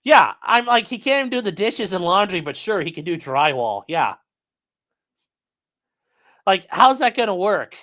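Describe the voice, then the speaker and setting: A man's voice: on the high side, a bit bright. A man hosting his channel, mocking a court filing in profane, incredulous commentary and talking to his live chat. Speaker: channel host.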